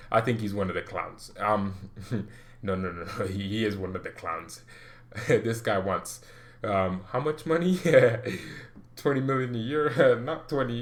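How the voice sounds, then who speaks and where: A young man hosting a casual football fan vlog, excitable and animated, laughing often as he ranks players. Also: medium pitch. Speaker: football channel host.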